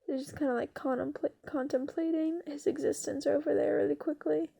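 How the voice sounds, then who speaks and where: A woman spins an improvised story in a loose, rambling way, peppered with fillers and curse words. Her voice sits high with a mellow, dark tone and a strong gravelly fry. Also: steady tone, brisk. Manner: rambling, filler-heavy, swearing, giggly.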